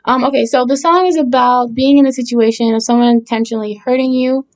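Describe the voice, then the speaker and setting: A woman's voice: a little high, fairly even intonation, quick pace. Hesitant, reflective woman songwriter. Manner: hesitant and searching, with many fillers and restarts; reflective and earnest, with short laughs. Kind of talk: casual talk about her own song.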